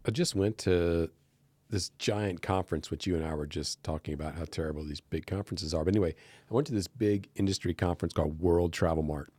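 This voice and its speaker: Deep-voiced American man telling animated stories. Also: a little fast, slightly rough, no room sound. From United States. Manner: animated storyteller, acts out quoted voices. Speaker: podcast guest. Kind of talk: casual interview chat. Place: podcast studio.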